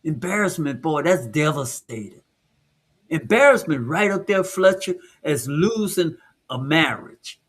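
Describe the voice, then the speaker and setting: A man's voice: a little high, animated, measured pace. A man hosting a casual chat, emphatic and repeating key words.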